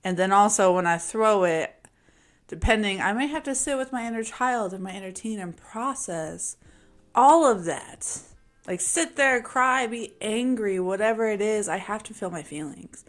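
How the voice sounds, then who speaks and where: A woman vlogger talking openly about her own life in an emphatic, casual monologue. Her pitch sits in a middle range, and her delivery is slangy and confessional. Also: lively intonation, moderate pace. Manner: emphatic and confessional, sometimes laughing. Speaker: vlogger sharing a personal story. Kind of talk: candid personal monologue.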